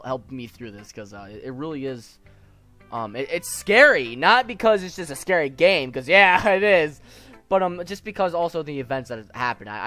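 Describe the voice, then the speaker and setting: Teen boy gamer, earnest and halting, bright mid-pitched voice, let's play commentary. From United States. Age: teens. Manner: earnest, halting, many fillers and restarts. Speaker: gaming streamer.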